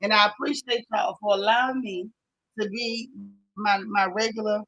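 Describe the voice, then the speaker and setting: A woman's voice: medium pitch, fairly even intonation, moderate pace, a bit bright, no echo, lo-fi sound. A woman with a Southern US accent hosting a casual live recap chat, greeting viewers by name and talking with sassy slang. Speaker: show recap host.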